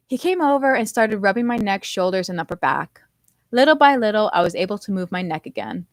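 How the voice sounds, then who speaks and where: A woman reads her own novel aloud in a lively first-person storytelling voice. Her pitch sits in the middle range. The recording is dry and close, with no room echo. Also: brisk. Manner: expressive first-person narration. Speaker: author.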